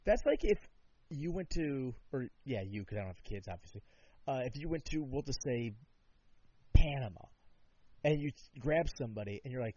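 A man co-hosting a comedy show, ranting sarcastically and profanely, swinging from loud outbursts to mutters. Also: mid-range voice, animated, moderate pace, pauses often. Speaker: co-host. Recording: dull lo-fi recording.

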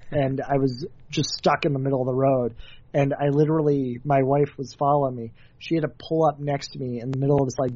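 A man's voice: medium pitch, darkish tone, no echo, lo-fi sound. A man hosting a podcast in casual chat, wry and sarcastic as he tells stories. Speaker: podcast host.

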